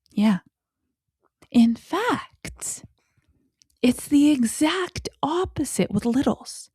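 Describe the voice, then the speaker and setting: Slowing deliberately to emphasize key words, a woman parenting educator hosts a talk-show podcast about child communication, her expressive voice jumping suddenly in pitch and slipping into whispered asides. The sound is clean studio audio without room sound.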